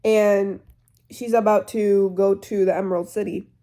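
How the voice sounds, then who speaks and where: Teen girl narrator, chatty and rambling, warm mellow tone. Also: medium pitch, steady tone, a little slow. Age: teens. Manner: rambling, filler-heavy, chatty. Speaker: vlogger. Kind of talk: casual storytime retelling.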